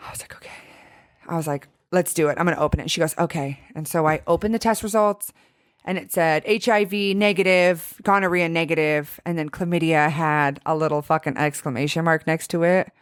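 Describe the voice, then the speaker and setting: Animated young woman telling a story. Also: low-pitched, fairly quick, clean tone. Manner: animated storytelling, swearing, acting out quotes. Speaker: podcast co-host. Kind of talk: casual chat.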